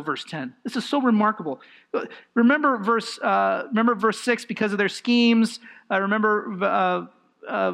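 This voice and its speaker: A man preaching a sermon, emphatic and animated, with rhetorical questions and lively swings in emphasis. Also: high voice, creaky. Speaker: pastor.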